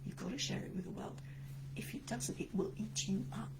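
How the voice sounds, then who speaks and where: A woman's voice: medium pitch, a little fast, noisy background. A woman coaching speakers in a talk to camera, emphatic and encouraging, a little stuffy-nosed this morning.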